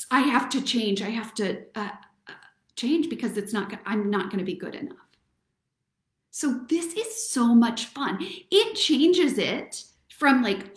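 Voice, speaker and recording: Upbeat woman coaching, echoey room. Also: a little high. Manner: upbeat, encouraging, addresses listeners as friends. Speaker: host. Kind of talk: casual motivational talk. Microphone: recorded to camera.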